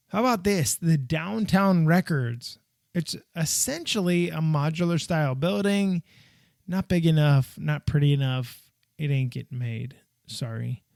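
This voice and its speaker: A man's voice: a little high, gravelly, a little mellow, dry recording, studio quality. A middle-aged man hosting a podcast, giving blunt, sarcastic opinions in casual commentary. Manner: blunt, dismissive, sarcastic asides. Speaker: podcast host.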